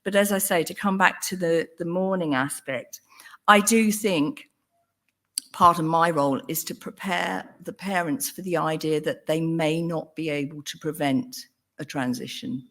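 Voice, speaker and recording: An older woman talks through her clinical work in an earnest, thoughtful way. Her voice sits a little low for a woman. She pauses with ums and restarts her sentences as she thinks. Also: a bit bright. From England. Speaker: psychotherapist. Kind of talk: talk on a panel.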